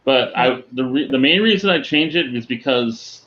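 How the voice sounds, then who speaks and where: A man's voice: medium pitch, animated, normal speed, a bit bright, lo-fi sound. A man chatting casually as a podcast guest, self-mocking and laughing while he talks. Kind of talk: casual chat.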